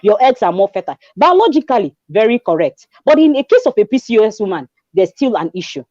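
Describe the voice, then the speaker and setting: Twenties, Nigerian accent, mellow tone, expressive storyteller who slips into pidgin, dry close recording. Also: female voice, medium pitch, fast, no echo, lo-fi sound. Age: 20s. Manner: animated storyteller, acts out dialogue, mixes in pidgin. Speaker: guest. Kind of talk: conversational testimony.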